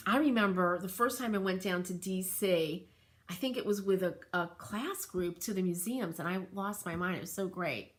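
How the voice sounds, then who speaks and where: A middle-aged woman with a New England accent hosting a livestream show and tell, gushing and excitable and laughing often as she reads viewer comments. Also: fairly low pitch, normal speed. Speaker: host of a furniture painting livestream.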